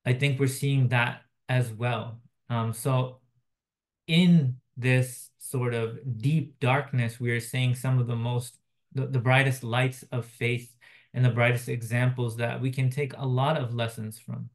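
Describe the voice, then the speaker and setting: A man delivering a Friday sermon as a chaplain, soft-spoken and reflective, pausing often with fillers. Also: mid-range voice, little pitch movement. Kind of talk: Friday sermon, retelling a phone call.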